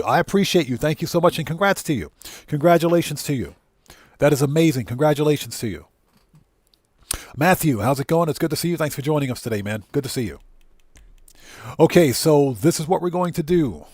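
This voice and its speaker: A man's voice: a little high, expressive, a little fast, long pauses, a little mellow, slightly rough, dry recording, studio quality. A man from the United States hosting a game livestream with no face cam, greeting chat viewers one by one, heartfelt and casual, talking into a desk mic. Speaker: livestream host.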